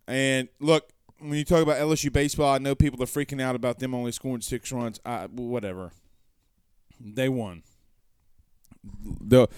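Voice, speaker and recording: A man's voice: mid-range voice, a little mellow, clean tone, dry recording, studio quality. A man hosting a sports talk show, reading viewer comments aloud and rambling conversationally with rhetorical questions.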